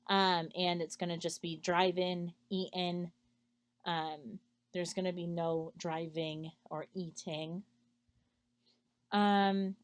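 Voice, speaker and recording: Lower-voiced woman explaining in an echoey room. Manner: explanatory, frequent "um" fillers, reads example sentences aloud. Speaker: student presenter. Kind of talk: recorded class presentation.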